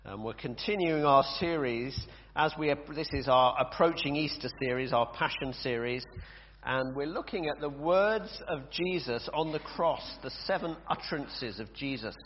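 A man's voice: medium pitch, moderate pace, slight background noise. Man preaching in a church. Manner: conversational, hesitant with fillers and self-corrections. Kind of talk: sermon with scripture reading. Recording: reverberant church, dull lo-fi sound.

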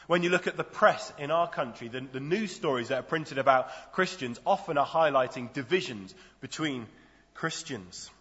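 A man's voice: mid-range voice, animated, normal speed, fairly bright tone. A man preaching a sermon in a conversational, storytelling way. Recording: dull lo-fi sound in a reverberant hall.

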